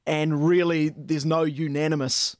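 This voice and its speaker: A man's voice: fairly high pitch, little pitch movement, measured pace, a little mellow, dry recording, clean studio sound. Earnest New man talking sport. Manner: earnest, hesitant restarts. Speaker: radio sports co-host. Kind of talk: casual sports banter.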